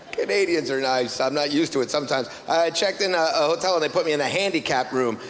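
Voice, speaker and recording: A man's voice: a little high, fairly quick. A man performing a stand-up comedy routine on stage, telling stories with wry exasperation. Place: stage in a club or hall. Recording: reverberant hall, noisy ambience.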